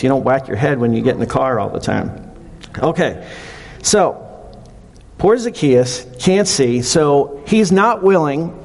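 A man's voice: mid-range voice, vocal fry, a little mellow, slightly rough. A male pastor preaching a casual, conversational sermon, retelling a story with animation. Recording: long reverb of a hall.

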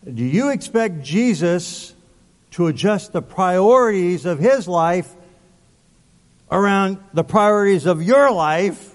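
A man's voice: high voice, animated, slow pace. A male pastor preaching a sermon, emphatic, asking rhetorical questions and repeating words. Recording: long hall reverb.

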